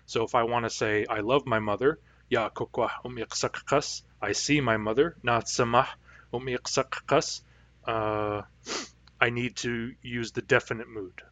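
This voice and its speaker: A man teaching a language lesson to a class, patiently explaining grammar and repeating example phrases slowly. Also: medium pitch, fairly even intonation, a bit bright, no echo.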